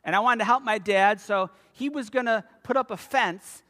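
Man, 50s, pastor, sermon, high voice, animated storytelling, long echoing hall. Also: moderate pace. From United States. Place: church sanctuary. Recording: long reverb of a church hall.

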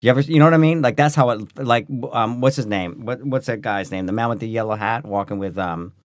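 A man with a very low voice tells a story on a podcast, loose and rambling, with lots of restarts and fillers. The sound is dry and close, with no room behind it. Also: a little fast, no room sound. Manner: rambling, full of restarts and "like", animated. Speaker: podcast co-host. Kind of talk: casual storytelling chat.

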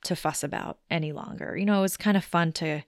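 A woman hosts a solo self-help podcast in a somewhat low voice. She works through her points in a conversational, reflective way. The sound is dry, with no room echo. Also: fast. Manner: conversational and reflective, explains step by step. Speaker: podcast host.

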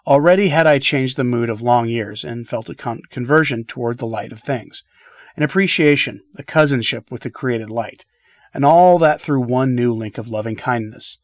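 A man reading a literary essay aloud in a measured, earnest way, letting his voice drop softly at the ends of phrases. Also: mid-range voice, no room sound, clean studio sound. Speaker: podcast reader.

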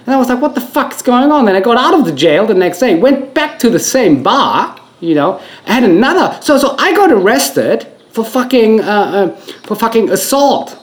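A man's voice: extremely high pitch, sing-song, moderate pace, voice pushed up. A man putting on an Australian accent to play a brawling pub-goer telling a rambling story. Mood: boastful. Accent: put-on Australian.

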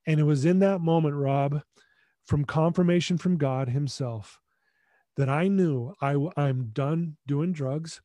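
A man telling a personal story as a podcast guest, in an emphatic, animated way. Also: a little high, a little slow, no echo.

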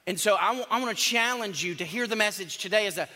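A man's voice: high-pitched, fast talker, hardly any pauses, pushed and bright. A male pastor, preaching a sermon in a conversational, joking and emphatic way. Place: church sanctuary. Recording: long church hall reverb.

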